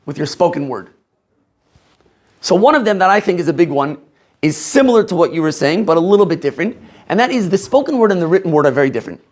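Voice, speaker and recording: A high-sitting voice belongs to this man from Maryland, USA. He teaches rabbinical students with energy, probing them with questions and laughing frequently.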